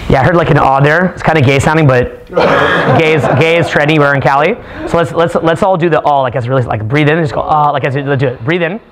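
Man, seminar coach, guided group meditation, joking, swearing, raised voice, loud audience around him. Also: on the high side, quick pace. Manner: loose, profane and joking, with lots of filler words. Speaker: dating coach leading a seminar. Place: seminar room in California, audience present. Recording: live seminar recording, loud crowd.

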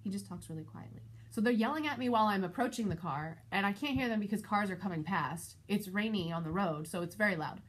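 A woman vlogger and mother telling a personal story in a casual, animated, exasperated way. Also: fast talker, hardly any pauses, breathy edge. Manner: animated, exasperated retelling with shifting pitch. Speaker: parent of school-age kids.

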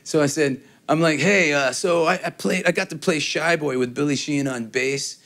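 A man's voice: fairly high pitch, moderate pace, fairly bright tone. A man giving a casual guitar demo, telling rambling, joking stories between playing. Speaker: guitar demonstrator. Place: guitar shop.

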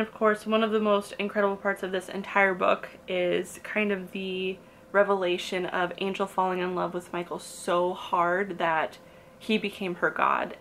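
A woman's voice: mid-range voice, flat delivery, moderate pace, fairly bright tone, a little hiss or hum. A young woman vlogging about a book she loves, reading passages aloud and gushing emotionally between them.

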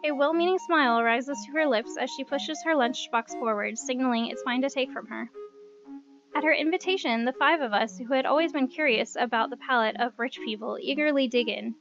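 A woman narrating a visual novel aloud, expressive, with playful asides. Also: high-pitched, a little fast. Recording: dull lo-fi recording with music.

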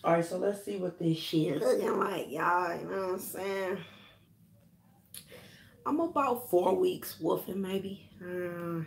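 Creaky-voiced woman ranting on her vlog. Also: on the low side, takes it slowly. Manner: profane, frustrated ranting, addressing viewers and friends by name. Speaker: hair care vlogger. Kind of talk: casual vlog rant to viewers.

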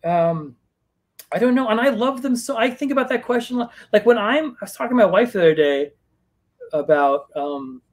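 A man's voice: sits high, animated, brisk. A man in his forties, from Los Angeles, a guest in a live Q&A, speaking thoughtfully and searching for his words as he goes. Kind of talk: live Q&A interview.

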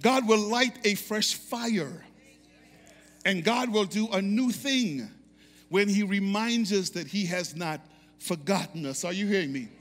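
A man preaching in a church with a high, bright, ringing voice. His delivery is fervent, and he repeats lines and urges the congregation to answer back. A long reverb trails off his words through the sanctuary. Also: unhurried. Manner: fervent call-and-response preaching, repeats phrases. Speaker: pastor. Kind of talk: sermon.

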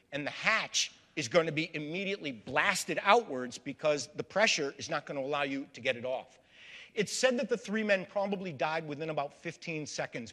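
A man's voice: on the high side, sharp tone. A man giving a public history lecture to a live audience, storytelling and calling them folks. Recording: long reverb of a large hall.

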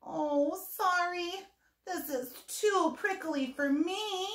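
Storybook role: a woman doing a tiny, homesick boy owl, high-pitched and politely wistful, slow and drawn out, in a roomy echo. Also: fairly bright tone, exaggerated voice. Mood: sad, sighing. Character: small young male owl, gentle and homesick.

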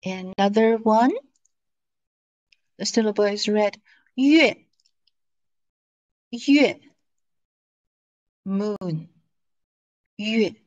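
A woman teaches at a very slow, drawn-out pace. She says each word again and again for her students. Her pitch sits in a middle range. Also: level tone, darkish tone, rough recording. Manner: drawn-out, repeating words for students. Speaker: language teacher. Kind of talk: slow, patient classroom teaching.

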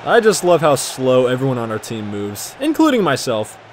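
A man giving casual, jokey commentary while playing a football video game, often shouting at the action. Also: mid-range voice, huge pitch swings, normal speed, a little hiss or hum. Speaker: gaming commentator.

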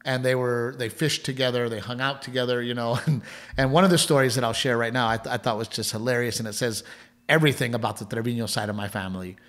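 A podcast co-host with a mid-range, fairly bright voice talks fast with fairly even intonation. He tells a family story in a rambling, casual way, restarting often, repeating words and laughing as he goes.

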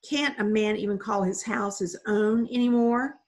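A woman reading aloud and voicing a tall, bulky, quick-tempered older man who bellows with indignation. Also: medium pitch, close to an everyday voice. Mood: fuming.

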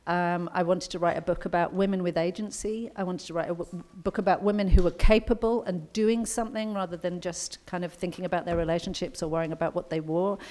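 Chatty English author at a luncheon. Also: female voice, on the low side, fairly even intonation, a little fast, hardly any pauses, a little mellow. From England. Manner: chatty, anecdotal storyteller. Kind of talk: speech at a conference luncheon. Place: conference luncheon.

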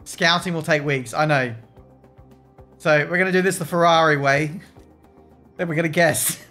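A man's voice: a little high, moderate pace, pushed and bright, soft background music. A man streaming a racing management game, joking, swearing and talking to his chat. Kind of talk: casual gameplay commentary.

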